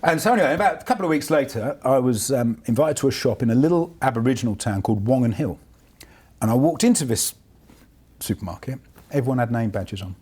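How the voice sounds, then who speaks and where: A man telling business anecdotes on stage in an animated way, often laughing. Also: medium pitch, breathy edge. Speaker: guest speaker. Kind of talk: storytelling on stage.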